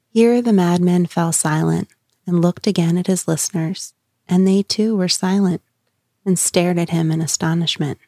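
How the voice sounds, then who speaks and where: A woman giving a dramatic reading of a passage in a measured, expressive way. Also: lowish voice, no echo, studio quality. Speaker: quote reader.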